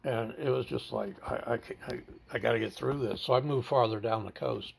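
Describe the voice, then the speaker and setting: Speaking fairly quickly in a medium-pitched, slightly rough voice with vocal fry, a man bluntly shares a personal story during an interview. He stammers and repeats words throughout the telling.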